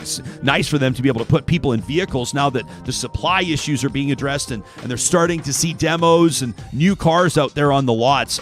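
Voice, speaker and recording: A man hosting a talk show, chatting casually and reading listener emails aloud in an animated way. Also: mid-range voice. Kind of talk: radio talk show monologue.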